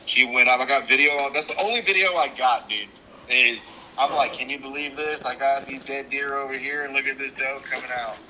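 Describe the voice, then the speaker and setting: A man, co-hosting a hunting show, telling an animated story with acted-out quotes and sounds. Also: mid-range voice, brisk, a little hiss or hum, rough recording. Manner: animated, acts out the scene with quoted lines and sound imitations. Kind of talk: casual storytelling chat.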